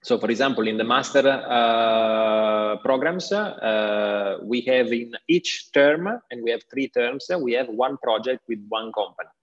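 A man's voice: mid-range voice, unhurried, few pauses. A man with an Italian accent giving an online school presentation, hesitant with many fillers. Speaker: school representative. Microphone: video call. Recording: dull lo-fi online call audio.

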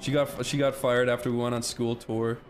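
A young man chatting casually over a video game, telling stories and jumping into shouted voices when quoting people. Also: mid-range voice, little pitch movement, normal speed. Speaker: let's play commentator. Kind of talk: casual gaming chat with storytelling. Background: game music.

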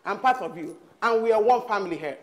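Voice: medium pitch, lively intonation, fast talker, roomy sound, close to an everyday voice. An actor in a film drama, indignantly confronting a family member.

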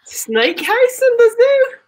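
A woman's voice: extremely high pitch, big pitch swings, takes it slowly, exaggerated voice. A woman playing a brash female detective in a put-on Australian accent, quizzing with wild guesses in an improvised comedy scene. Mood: quizzical. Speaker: improv performer.

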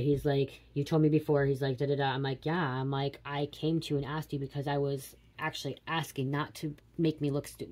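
Fast-talking low-voiced woman rambling. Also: fairly even intonation, a little mellow. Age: 30s. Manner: rambling, confiding, swears casually. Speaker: tarot reader. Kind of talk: casual psychic reading chat.

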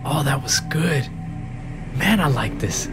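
A man's voice: fairly high pitch, lively intonation, slow. A man hosting a let's play of a horror game, jumpy and swearing, with frequent yelps, nervous laughs and whispered asides. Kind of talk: reactive horror game commentary. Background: game music.

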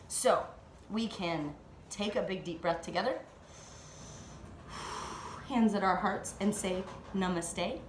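A woman teacher guiding children through a slow, playful yoga flow with animal sounds, recorded at home. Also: mid-range voice, reverberant, a little hiss or hum. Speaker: Montessori teacher leading kids' yoga. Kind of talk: gentle guided yoga instruction for children. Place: at home, dog nearby.

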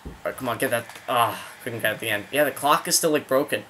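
A young man talks through his hockey video game in a casual, rambling way and breaks into excited outbursts whenever a play happens. His voice is bright and forward at an ordinary middle pitch. A faint hiss of noise sits under the recording. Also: fast. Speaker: gaming video host.

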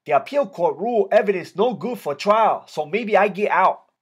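A man's voice: sits high, animated, moderate pace, husky, pitched above the performer's own voice. A man voicing a tough male Vietnamese prison gang leader, in a heavy Vietnamese accent and broken English. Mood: hopeful. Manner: broken English, called out loudly across a room.

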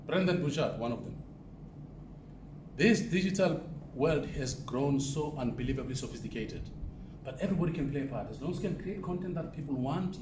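A man from southern Africa speaks as a keynote speaker at a conference, talking in a high voice and putting questions to the audience as he goes. He is picked up from a distance, so his voice sounds roomy, with faint noise in the background. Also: a little mellow. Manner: conversational, asks the audience questions. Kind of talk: motivational business talk. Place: conference room, live audience. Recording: echoey room from off-mic.

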